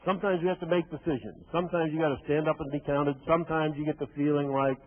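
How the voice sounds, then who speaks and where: A man's voice: on the high side, fairly even intonation, fast talker. A man in his sixties giving a motivational keynote, telling a first-person story vividly, with wry asides to the audience. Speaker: motivational speaker. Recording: tinny phone-like lo-fi recording.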